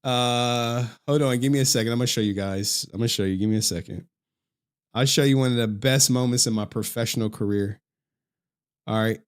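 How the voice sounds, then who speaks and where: A man's voice: mid-range voice, brisk, clean tone. A man chatting casually on a live stream, talking straight to his chat in a loose, profane way and laughing often.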